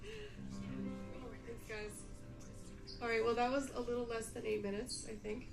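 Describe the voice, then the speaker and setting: A woman musician, a little sick and husky, chatting casually before her song at an open mic. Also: on the high side, lively intonation, slow pace. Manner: casual, self-deprecating. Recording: distant roomy mic with loud guitar.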